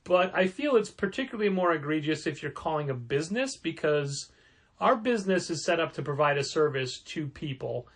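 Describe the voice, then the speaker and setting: A man with a somewhat high voice co-hosting a relaxed podcast, speaking in a measured, deliberate way. He adds grumbling asides as he complains. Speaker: podcast co-host, comic shop co-owner. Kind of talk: casual podcast chat.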